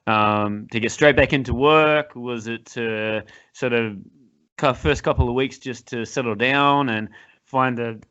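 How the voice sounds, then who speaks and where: A man's voice: medium pitch, unhurried, fairly bright tone, clean tone, highs cut off. A man hosting a podcast, asking rambling questions with many restarts in casual chat. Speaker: podcast host.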